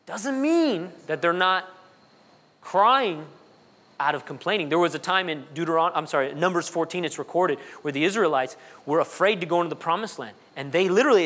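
A man preaching a sermon as pastor, his voice swinging between loud high peaks and low quiet asides. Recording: long reverb of a large hall.

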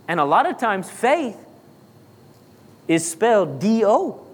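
A man's voice: sits high, big pitch swings, takes it slowly. A man preaching a sermon, driving points home with rhetorical questions and repetition. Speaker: pastor. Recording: long hall reverb.

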